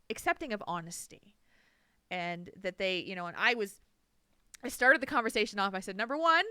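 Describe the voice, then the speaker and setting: A woman's voice: mid-range voice, pushed and bright, clean tone, no echo. A woman co-hosting a casual podcast, talking openly and animatedly about her own anxieties, laughing often. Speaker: podcast co-host. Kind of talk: casual chat.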